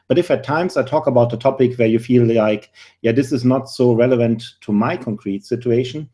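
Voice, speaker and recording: A man in his forties with a German accent, presenting a live career webinar in an earnest way, with dry humor and frequent filler pauses. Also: medium pitch, warm tone. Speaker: webinar host, career recruiter.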